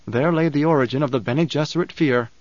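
A man narrating an audiobook in a measured, dramatic reading style. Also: a little high, no room sound. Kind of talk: scripted narration. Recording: dull, dry recording.

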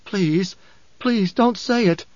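A man's voice: sits high, slow, no room sound, voice pushed up. A man voicing a young girl possessed by her dead mother, pleading and strained. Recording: dull, dry recording.

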